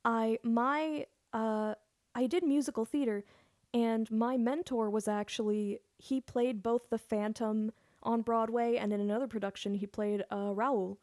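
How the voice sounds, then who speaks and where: A woman's voice: a little high, fairly even intonation, unhurried, a little mellow, no room sound, studio quality. A woman singer chatting casually on her live stream, giggly and loose, swearing now and then.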